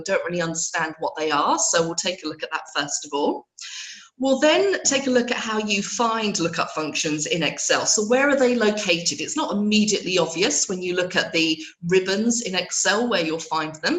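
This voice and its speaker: Woman, low voice, hoarse and bunged up with a cold, friendly webinar trainer, echoey room. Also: a bit bright. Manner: friendly, chatty, laughs at herself.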